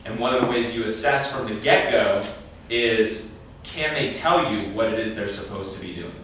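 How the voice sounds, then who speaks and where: A man's voice: on the low side, moderate pace, a bit bright. Man lecturing parents in an echoey room. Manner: conversational, acts out quoted dialogue. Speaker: instructor at a parent training. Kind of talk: informal presentation to parents. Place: meeting room. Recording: echoey room, speaker far from mic, faint noise.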